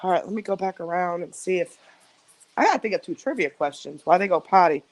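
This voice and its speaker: A woman's voice: lowish voice, expressive, fast talker, dry recording. A woman hosting a casual live stream from home on her phone, rambling and chatting directly with her viewers. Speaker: livestream host.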